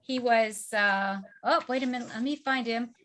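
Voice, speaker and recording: A woman's voice: a little high, moderate pace, a bit bright, slight background noise. A woman with a Southern US accent hosting a casual book club webinar, chatty and full of fillers. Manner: chatty, filler-heavy, laughing often. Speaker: host.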